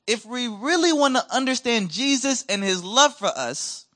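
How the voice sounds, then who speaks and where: Animated high-voiced man preaching. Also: moderate pace. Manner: animated, acts out quoted voices, conversational. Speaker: missionary preacher. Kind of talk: storytelling sermon. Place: church.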